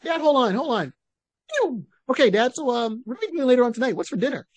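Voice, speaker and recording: Grown man doing a cheerful boy, breezy offhand chatter, pitched way up high. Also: lively intonation, very fast, dry recording. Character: cheerful boy, the hunter's son.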